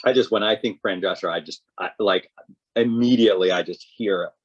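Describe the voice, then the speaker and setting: A man with a very low, husky voice talks casually as a podcast co-host. He picks his words with care and sounds thoughtful and analytical. The mic sounds dull and lo-fi. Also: a little fast. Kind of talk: casual chat.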